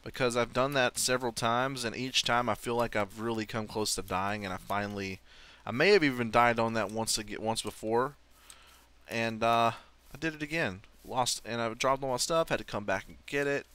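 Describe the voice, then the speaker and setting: A man's voice: medium pitch, normal speed, pushed and bright, clean tone. A young man giving casual, self-mocking commentary on his own game play, swearing and laughing often. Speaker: let's play host.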